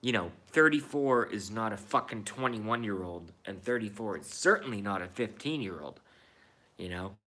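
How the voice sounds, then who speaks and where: A man's voice: on the low side, lively intonation, moderate pace, fairly bright tone. A man in his thirties ranting in a profane, repetitive and indignant monologue. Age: 30s. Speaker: vlogger.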